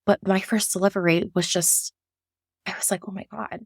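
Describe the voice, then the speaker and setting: Frank woman with a gravelly voice. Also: mid-range voice, normal speed, no echo, clean studio sound. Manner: emotional, frank, rambling with restarts; slips into animated voices when quoting herself. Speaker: podcast guest, labor and delivery nurse. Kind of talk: candid personal storytelling.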